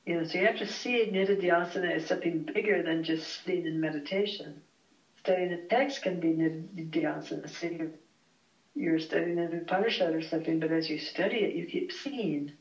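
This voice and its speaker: A teacher explaining a Vedanta lesson in a relaxed, thoughtful way, pausing often to search for words in a small heated room at home. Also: medium pitch. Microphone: far from the speaker. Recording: roomy, distant, dull home recording.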